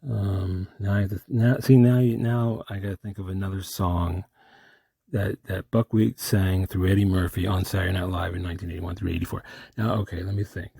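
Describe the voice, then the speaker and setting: Gravelly low-voiced man rambling to himself. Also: warm tone, dry recording. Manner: argues with himself, rambling and self-interrupting. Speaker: solo comedic performer. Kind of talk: self-dialogue character impressions.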